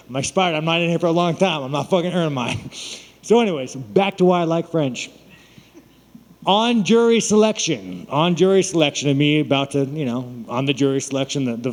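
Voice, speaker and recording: A man's voice: on the high side, in a large hall. A man in his thirties, a fighter talking to the press, telling a long story in crude, rambling language and laughing often. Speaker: fighter at media day. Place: media event room.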